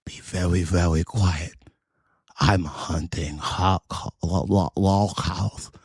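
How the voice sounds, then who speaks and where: A man voicing a hushed, sneaky cartoon hunter who stumbles over his words in a low, drawn-out delivery. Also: fairly even intonation, husky, no room sound, studio quality, exaggerated voice.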